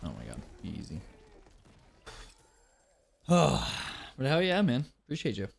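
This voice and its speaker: A young man streaming live, chatting casually with viewers, thanking them and laughing loudly between comments. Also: medium pitch, wildly swooping pitch, slow pace, gravelly, slight background noise. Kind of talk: casual live-stream chat reacting to a clip.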